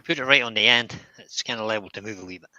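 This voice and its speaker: A man giving a relaxed, chatty woodturning demonstration in his workshop. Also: lowish voice, fast talker, dry recording, highs cut off.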